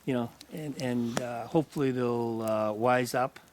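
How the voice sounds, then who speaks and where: A Canadian man with a Canadian accent, chatting in a rambling, halting way outdoors by a campfire. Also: mid-range voice, darkish tone, a little hiss or hum. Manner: rambling, many fillers and restarts. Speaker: guest. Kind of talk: casual outdoor chat.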